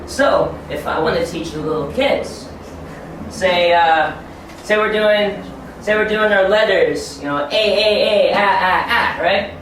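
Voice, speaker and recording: A man in his late twenties gives a training talk to a room of teachers, bouncing into exaggerated classroom demonstrations. His voice sits a little high for a man. He is caught from some distance in a very echoey room with a light hiss of noise underneath. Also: a little slow. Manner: animated, acts out classroom scenes.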